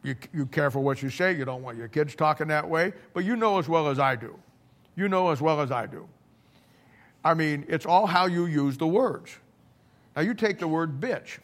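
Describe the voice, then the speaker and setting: A middle-aged man preaching in a loose, conversational way, blunt and folksy. He stumbles and repeats words as he builds his stories. His voice sits a little high for a man. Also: expressive, normal speed. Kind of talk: conversational sermon storytelling.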